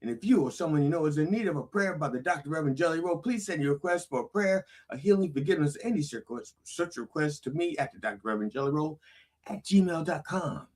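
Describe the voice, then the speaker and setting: Husky man doing a bawdy preacher parody. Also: on the high side, animated, fast talker, darkish tone. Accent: American. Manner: preacherly, bawdy, repeats "that's right". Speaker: comedic preacher host. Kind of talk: parody sermon.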